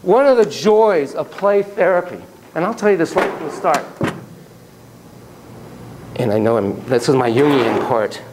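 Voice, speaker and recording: Animated man lecturing a class. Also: a little high, background noise. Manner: animated, acts out quotes in shifting voices. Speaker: lecturer in child psychotherapy.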